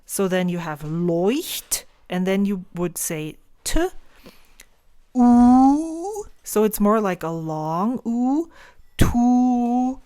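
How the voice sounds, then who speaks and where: A woman in her forties with a German accent, explaining pronunciation in a casual vlog and sounding out words slowly. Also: on the low side, animated, darkish tone, no echo. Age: 40s. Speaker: stationery vlogger.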